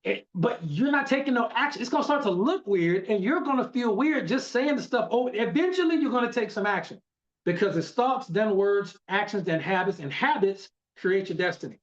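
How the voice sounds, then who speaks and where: A man's voice: high-pitched, expressive, a little fast, lo-fi sound. A man leading a motivational team training over a video call, coaching in an emphatic, repetitive way. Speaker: network marketing team leader.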